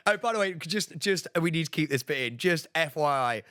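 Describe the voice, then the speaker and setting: A man co-hosting a podcast, telling a story with excited, animated energy and a British accent. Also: a little high, moderate pace, hardly any pauses, dry recording, clean studio sound. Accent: British English. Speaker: podcast co-host. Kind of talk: casual podcast chat.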